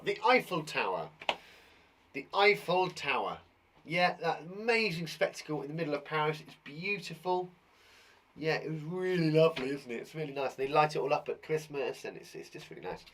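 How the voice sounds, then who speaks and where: A man hosting a live quiz show for children, full of enthusiasm and little jokes. His voice sits high for a man and swings up and down in a very animated way. He chats freely with his young viewers. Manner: enthusiastic, jokey, chatty. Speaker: teacher and host of a children's show.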